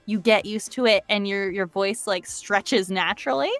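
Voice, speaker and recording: A woman voice actress chatting casually on a live stream, laughing often and getting animated as she talks about voice work. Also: moderate pace, dry recording, faint music behind. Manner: laughs often, animated when describing pitch. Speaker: voice actress guest. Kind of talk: casual chat.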